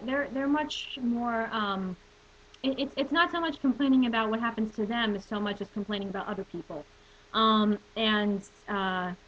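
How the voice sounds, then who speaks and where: A woman talking casually to her webcam in a rambling way, with many restarts and frequent throat-clearing. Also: a little high, a bit bright. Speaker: video blogger. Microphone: webcam microphone. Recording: muffled webcam audio with faint hiss.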